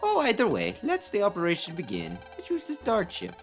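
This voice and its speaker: A man's voice: medium pitch, wildly swooping pitch, quick pace, faint music behind. A man voicing a sinister male mad scientist from a video game, speaking with gleeful, giggly menace. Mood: gloating.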